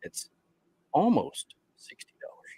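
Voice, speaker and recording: A man's voice: takes it slowly, dark tone, no echo. A tired man co-hosting a podcast, chatting casually and rambling as he loses his train of thought. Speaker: podcast co-host.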